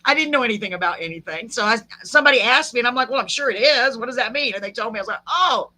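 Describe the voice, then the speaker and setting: Woman host, bright and forceful tone, chatty and laughing, folksy. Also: on the high side, animated, very fast. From Texas. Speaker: podcast host. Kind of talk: casual live chat with a guest.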